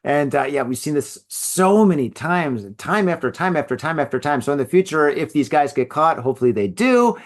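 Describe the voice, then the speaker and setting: A middle-aged man talks through a solo podcast episode in a loose, rambling way, full of likes and you-knows. His voice sits on the high side for a man, and he often laughs at his own jokes. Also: lively intonation, fairly quick, hardly any pauses. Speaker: podcast host. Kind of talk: solo podcast casual chat.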